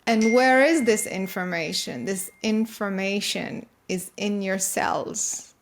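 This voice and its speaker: A woman guest in an interview, earnestly explaining her ideas in quick bursts with frequent restarts. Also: medium pitch, gravelly. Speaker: guest, consciousness researcher. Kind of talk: interview conversation.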